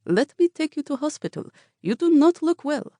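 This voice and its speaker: A woman's voice: sits high, big pitch swings, normal speed, warm tone, dry recording, clean studio sound, voice pushed up. A woman voicing a concerned male taxi driver with a heavy foreign accent, urging a passenger to go to the hospital. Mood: pleading. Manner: concerned, urging, stuttering at first.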